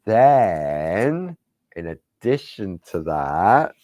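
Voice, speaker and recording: A man's voice: deep voice, sing-song, very slow, a little mellow, dry recording, dull audio. A man hosting a craft show, chatting casually through products, stumbling over words and laughing at himself. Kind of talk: casual product demo chat.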